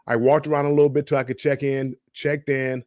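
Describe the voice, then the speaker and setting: A middle-aged man chats on a live cruise stream and rambles through his stories, restarting often and repeating words. His voice sits at an ordinary pitch. The recording is dry and close. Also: little pitch movement, a little fast, darkish tone, dry recording. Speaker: cruise show co-host. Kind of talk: casual live-stream chat.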